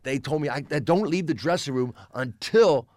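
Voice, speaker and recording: An older man, a stand-up comedian and podcast guest, telling backstage stories in lively chat and slipping into lower, quieter voices for the people he quotes. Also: moderate pace, no room sound. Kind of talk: storytelling anecdotes in podcast chat.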